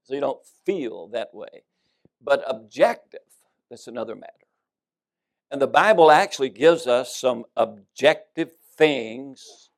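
Man, preacher, sermon, gravelly voice, dynamic loud-soft delivery. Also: medium pitch. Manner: dynamic, swings between loud emphasis and soft drops.

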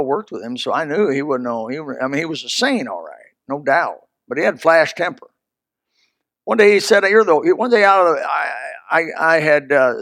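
High-pitched male preacher, folksy storyteller, bursts of loud emphasis. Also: no room sound, clean studio sound. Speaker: pastor. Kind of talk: sermon.

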